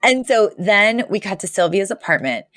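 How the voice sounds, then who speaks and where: A woman's voice: mid-range voice, normal speed, no echo. Woman cohost gabbing about a tv episode, dry close sound, acts out the scenes. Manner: animated, acts out characters' lines while retelling. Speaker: podcast co-host. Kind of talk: casual chat recapping a TV episode.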